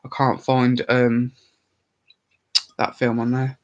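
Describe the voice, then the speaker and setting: A man's voice: mid-range voice, monotone, takes it slowly, lo-fi sound. A man rambling casually on a live stream, chatty and swearing freely.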